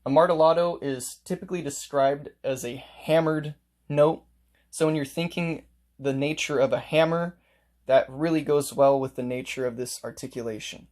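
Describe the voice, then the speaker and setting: A man's voice: a little high, fairly even intonation, normal speed, darkish tone. A man teaching a casual music lesson, explaining note markings step by step and playing examples on his instrument.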